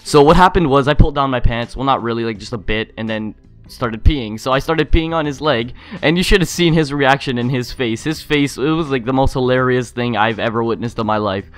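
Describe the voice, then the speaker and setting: A man's voice: medium pitch, a little fast, smooth. A young man telling a story for his vlog, rambling, swearing often and filling his speech with "like". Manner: rambling, profane, filler-heavy. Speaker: YouTuber.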